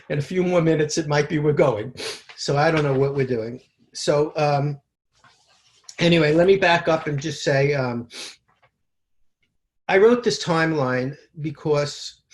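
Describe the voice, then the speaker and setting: A man in his sixties, from New York, sharing his recovery story at a twelve-step meeting over a video call, moving from a halting read-out timeline into loose, candid talk. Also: mid-range voice. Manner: halting, reads terse timeline then talks freely. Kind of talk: personal recovery share. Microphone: video call mic.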